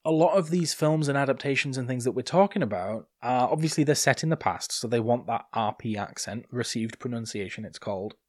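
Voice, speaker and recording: A man's voice: medium pitch, expressive, fairly quick, hardly any pauses, no room sound, studio quality. A man from North East England with a Geordie accent, co-hosting a podcast in casual, chatty conversation. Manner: chatty, laughs while telling stories. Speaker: podcast co-host. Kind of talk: casual chat.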